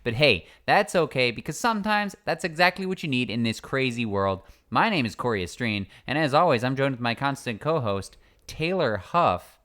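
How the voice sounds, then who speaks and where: A man hosting a casual chat show, his voice sitting at an ordinary middle pitch. He keeps things playful and joking, trading banter and rattling off promos with an upbeat lift. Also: lively intonation, normal speed, fairly bright tone. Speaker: podcast host.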